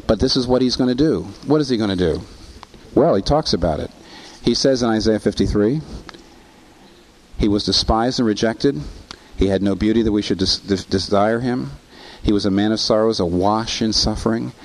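A man's voice: on the low side, moderate pace, rough recording. A man preaching a sermon, asking rhetorical questions and quoting scripture, with rising intensity. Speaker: pastor.

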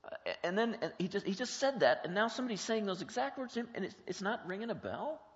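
A fast-talking male pastor with a high, very animated voice leads a conversational teaching sermon, plainly quizzing the congregation with many questions. Long hall reverb fills the church sanctuary, and the recording quality is dull and lo-fi.

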